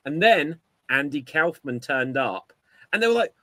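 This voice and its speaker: Bright-voiced man telling a story. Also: high voice, normal speed, no echo. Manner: animated storyteller, acts out quotes. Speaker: podcast co-host. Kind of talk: casual chat.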